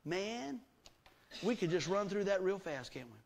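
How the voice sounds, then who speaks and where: A man's voice: sits high, sing-song, measured pace, gravelly. A middle-aged man preaching a sermon, folksy and emphatic, full of rhetorical questions to the congregation. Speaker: pastor.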